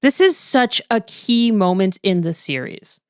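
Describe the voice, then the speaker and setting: Woman co-host, playful, pitch swings all over, dry close sound. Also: very animated, a little slow, smooth, no room sound. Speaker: podcast co-host. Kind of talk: casual podcast recap chat.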